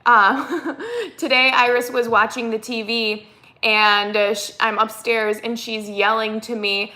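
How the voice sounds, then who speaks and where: A woman's voice: on the high side, steady tone, measured pace, pushed and bright. A woman with a Minnesotan accent, hosting a casual live stream and answering viewer comments in a chatty way. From United States. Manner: chatty, reads comments aloud and answers them.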